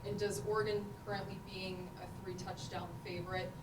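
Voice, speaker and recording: A woman's voice: medium pitch, little pitch movement, normal speed. Distant woman reporter in an echoey room. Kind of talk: press conference questions. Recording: distant, echoey room mic with loud noise.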